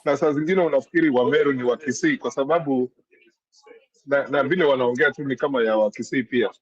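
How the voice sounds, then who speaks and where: A man's voice: mid-range voice, fast talker, dull audio. A man with a Kenyan accent chatting on a panel, rambling with many restarts and slipping Swahili into his English. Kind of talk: casual panel chat.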